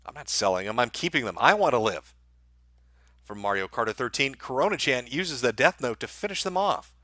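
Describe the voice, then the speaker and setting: This livestream host's voice is medium-pitched, animated, and sharp, delivered fairly quickly in a studio-quality recording with no echo. He reads viewer donations aloud and answers them bluntly and sardonically, swearing freely.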